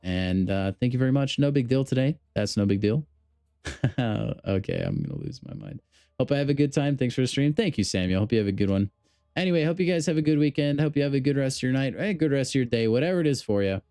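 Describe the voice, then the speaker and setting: A man's voice: medium pitch, animated, quick pace, mellow, clean tone, dry recording, studio quality. A man livestreaming a mobile game, chatting casually and upbeat to his viewers. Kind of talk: casual gameplay commentary.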